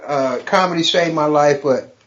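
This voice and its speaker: A man guest on a casual podcast, telling stories and jokes and laughing loudly at his own punchlines. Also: fairly high pitch, moderate pace, dull audio. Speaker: comedian guest.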